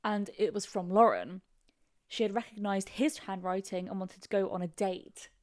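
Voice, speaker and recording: A woman's voice: mid-range voice, fairly even intonation, moderate pace. A young woman co-hosting a podcast in casual chat, giggling as she reads a story aloud. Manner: giggly, breaks into laughter while reading a story aloud. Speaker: podcast co-host.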